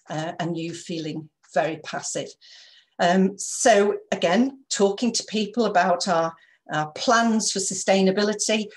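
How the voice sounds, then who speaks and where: A woman leading a live online training session, lively and encouraging, who keeps checking in with her listeners. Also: lowish voice. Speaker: corporate trainer.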